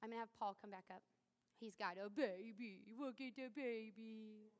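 A woman's voice: fairly high pitch, steady tone, moderate pace, long reverb tail. A woman in her thirties preaching a sermon in a church, candid and self-deprecating, talking to the congregation like a friend. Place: church sanctuary.

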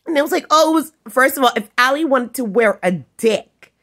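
A woman vlogger in an angry, rambling rant, swearing constantly and often breaking into shouts. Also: high-pitched, animated, a little fast. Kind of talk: ranting vlog monologue.

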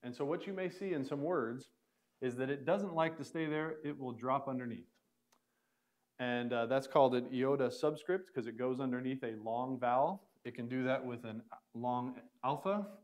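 Man, classroom teacher, mid-pitched voice, relaxed explaining, lots of fillers and restarts, church classroom. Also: normal speed. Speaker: Bible Greek teacher. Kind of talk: classroom lecture.

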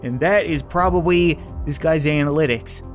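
A man's voice: on the high side, normal speed, soft background music. A man giving sarcastic, jokey commentary while playing a video game. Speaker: gaming YouTuber. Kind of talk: let's play commentary.

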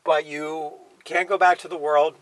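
A man teaching the Bible in a casual sermon style, often tagging his points with a quiet "okay?" or "you know". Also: fairly high pitch, level tone, a little slow, rough recording. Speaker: preacher.

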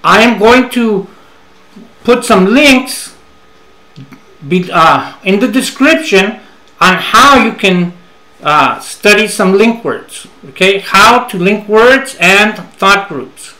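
A man with a fairly high voice teaches at an unhurried pace and says each key phrase twice. His voice rings in an echoey room. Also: expressive, sharp tone. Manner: repeats key phrases slowly in English, then gives them in Spanish. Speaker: English teacher. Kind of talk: bilingual English lesson.

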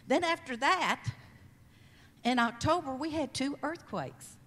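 A woman's voice: high voice, animated, takes it slowly, fairly bright tone, big-room sound. A woman in her sixties with a Southern accent, giving an earnest, chatty missionary testimony at church. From Kentucky. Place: church sanctuary.

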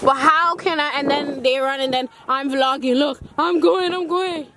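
A young woman vlogging outdoors at a farm fair on a handheld camera, jittery and excitable with loud exclamations. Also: high-pitched, normal speed, crowd noise, low-quality recording. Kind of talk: casual vlog chatter.

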